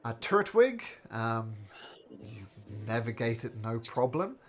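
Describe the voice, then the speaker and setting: A man running a tabletop game as game master, chatty and quick to laugh, often restarting his sentences. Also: medium pitch, very animated.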